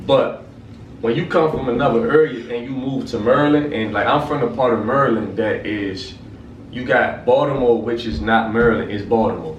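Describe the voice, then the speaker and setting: A man from the Midwest spins animated, profane stories and jumps up in pitch when he quotes people. His mid-range voice sounds far from the mic in an echoey room. There is a faint layer of background noise. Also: normal speed, dull audio. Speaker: vlog host. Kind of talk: casual conversation.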